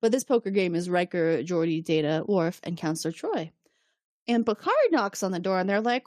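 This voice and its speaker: A woman's voice: mid-range voice, animated, a little fast, darkish tone, no echo, clean studio sound. A woman co-hosting a casual podcast, animatedly retelling a story and acting out characters' lines. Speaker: podcast co-host recapping episodes. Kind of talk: casual chat.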